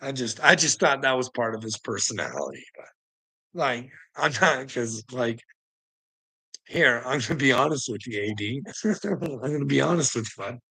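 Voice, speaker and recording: Man, ranting vlog monologue, gravelly, bright voice, lively mocking pitch, frequent laughs. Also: normal speed, pauses often, low-quality recording. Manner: laughs often, mocking, profane, animated. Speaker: vlogger.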